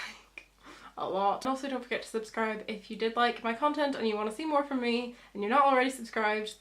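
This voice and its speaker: A woman's voice: on the high side, a bit bright. A young woman, chatting through a makeup tutorial as a beauty vlogger, explaining each step.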